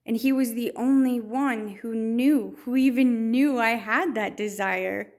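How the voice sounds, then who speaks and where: A woman's voice: on the high side, steady tone, unhurried. A woman telling a personal faith story in a storytelling way, with many restarts and fillers. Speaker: testimony speaker.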